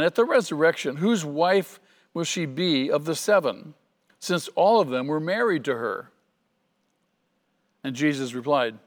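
Man, pastor, earnest sermon, emphatic repetitions, echoing hall. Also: on the high side.

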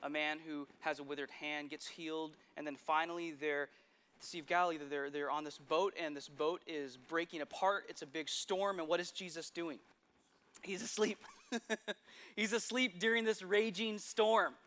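A man preaching a sermon, retelling scripture stories with lively asides and sudden drops to a hush. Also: fairly high pitch, moderate pace, clear, resonant tone.

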